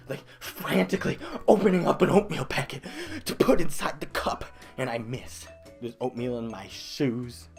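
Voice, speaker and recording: A young man vlogging a comedic storytime about his old job, animated, breaking into loud exaggerated outbursts and laughs. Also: medium pitch. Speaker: vlogger telling a work story. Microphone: desk microphone.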